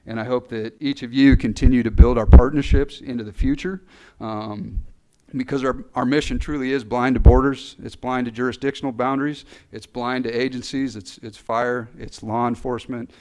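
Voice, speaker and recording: A man giving a graduation address for fire recruits, earnest and halting, with many fillers, speaking into a podium mic. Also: medium pitch, steady tone, darkish tone, low-quality recording. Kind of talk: ceremonial speech. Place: ceremony hall.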